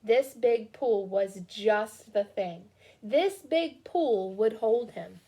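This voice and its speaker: A woman reading a children's storybook aloud with expressive, slow storytelling. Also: on the high side. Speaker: storybook reader.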